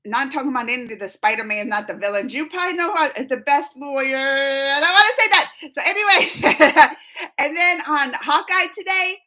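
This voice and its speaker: Young woman, high-pitched, bright tone, excitable, laughing often, casual live-stream chat. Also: moderate pace.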